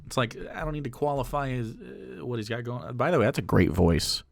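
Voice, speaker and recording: A man talks over a clip on his live stream, mocking it with crude, casual jokes. His pitch swoops widely, and the dry sound has little room echo. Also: animated, a little fast, gravelly, few pauses, a bit bright. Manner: mocking, profane, swings between jokes and asides.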